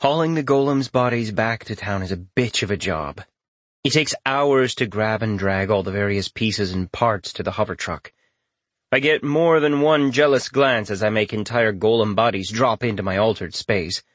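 A man narrating a first-person fantasy story with a steady, even storytelling delivery. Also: on the low side, moderate pace, no room sound. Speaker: audiobook narrator.

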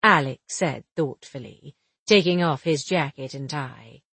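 A woman narrating a novel aloud with expressive storytelling and a breathy voice. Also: low voice, unhurried, no echo. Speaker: audiobook narrator. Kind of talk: scripted narration.

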